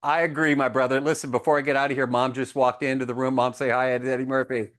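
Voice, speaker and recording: A man hosting a casual interview, chummy and excitable, stumbling over words when eager. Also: medium pitch, fast talker. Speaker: interview host.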